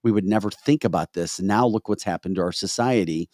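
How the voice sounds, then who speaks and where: Man, deepish voice, talk show host, animated, reading comments, dry studio sound. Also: fast talker, dry recording. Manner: animated, reads viewer comments aloud.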